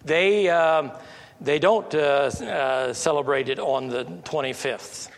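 An American man giving an informal teaching talk on faith, halting and full of restarts, rising in pitch when he presses a point. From United States. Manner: halting, many restarts and fillers, rises when stressing a point. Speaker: Christian speaker. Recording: long echoey reverb.

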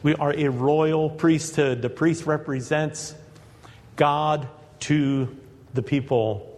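A man's voice: fairly high pitch, steady tone, takes it slowly, a little mellow, in a large hall. A man preaching a sermon to his congregation in an earnest manner, building to emphatic peaks.

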